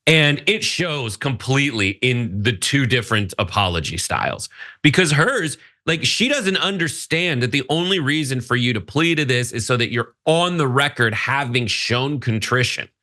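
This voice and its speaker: A male co-host on a political news show with a bright, tense voice. He jokes and mocks as he talks, casual and quick with his opinions. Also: mid-range voice, big pitch swings. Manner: joking, mocking impressions. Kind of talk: political commentary chat.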